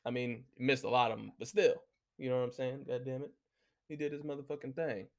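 A man's voice: medium pitch, little pitch movement, fairly quick. A man hosting a solo talk show, ranting casually and heatedly with constant swearing and lots of filler words. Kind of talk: casual profane rant.

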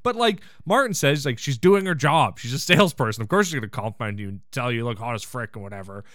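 A man's voice: mid-range voice, animated, fast, fairly bright tone, no room sound, studio quality. A young man hosting a podcast, recapping a sitcom episode in an irreverent, joking way with crude asides. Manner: irreverent, crude jokes, breezy paraphrasing of scenes. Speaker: podcast host. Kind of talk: casual comedic episode recap.

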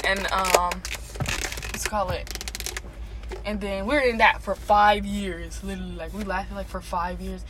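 A young woman co-hosts a podcast among friends, rambling through stories with lots of filler. Her medium-pitched, fairly bright voice is fairly even and a little slow, with frequent pauses and a little hiss or hum.

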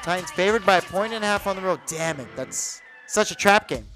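Brief: man co-hosting a sports podcast, animated and profane, faint music underneath. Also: high voice, a little fast, rough recording. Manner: animated, swears, argues picks. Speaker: podcast co-host. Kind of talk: casual sports chat.

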